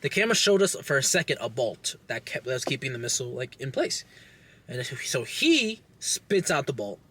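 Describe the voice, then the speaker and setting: A young man casually recapping a movie plot with lots of swearing, animated and acting out lines. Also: mid-range voice, normal speed, husky. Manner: animated, profane, acts out characters' lines. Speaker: podcast host reviewing a movie.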